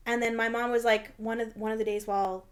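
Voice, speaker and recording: A woman's voice: on the high side, fast. A woman in her thirties, co-hosting a casual chat and telling a story, acting out the voices in it. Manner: animated storyteller acting out quotes. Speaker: podcast co-host.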